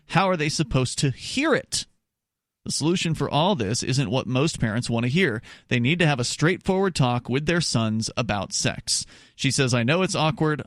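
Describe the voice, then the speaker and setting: A man's voice: fairly high pitch, a bit bright, no room sound, clean studio sound. A male radio talk show host reading news stories aloud and chatting with his co-host, with casual asides and restarts. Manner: conversational with frequent restarts and asides.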